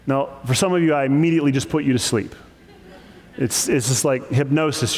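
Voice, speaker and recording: Lively preaching man, echoing hall. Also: mid-range voice, brisk. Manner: lively and emphatic, with joking asides. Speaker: pastor. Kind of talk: sermon.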